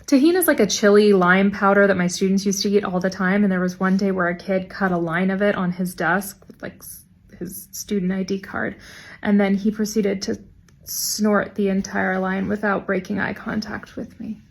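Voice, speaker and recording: A young adult woman, a teacher, telling funny classroom anecdotes in a dry, deadpan way and quoting her students. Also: medium pitch, normal speed, gravelly. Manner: deadpan, wry delivery with quoted student voices. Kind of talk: anecdotal storytelling.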